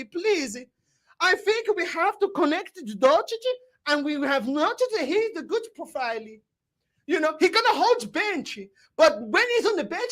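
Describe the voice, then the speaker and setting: A woman putting on a smarmy, fawning male football director in an exaggerated, mocking sing-song. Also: very high-pitched.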